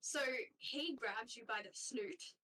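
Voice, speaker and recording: A woman's voice: a little high, expressive, takes it slowly, sharp tone, far from the mic, low-quality recording. A woman as game master narrating a tabletop game, rambling with frequent fillers and casual swearing.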